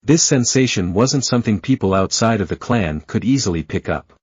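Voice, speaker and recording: A man narrating a fan fiction story in a steady storytelling manner. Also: on the low side, brisk, breathy edge, no echo. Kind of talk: reading fan fiction aloud. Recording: dull lo-fi, dry close sound.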